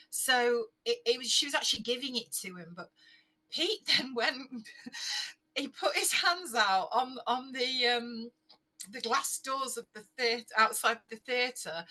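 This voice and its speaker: Bright, lively woman storyteller. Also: fairly high pitch, rough recording. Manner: chatty storyteller who laughs often and acts out quotes. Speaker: interview guest, fanfiction author. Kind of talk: casual anecdote-telling.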